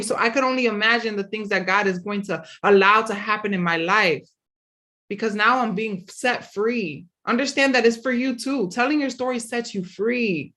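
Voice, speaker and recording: A woman's voice: on the high side, fairly bright tone. Earnest woman giving motivational talk. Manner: earnest, encouraging, speaks to listeners directly. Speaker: podcast host.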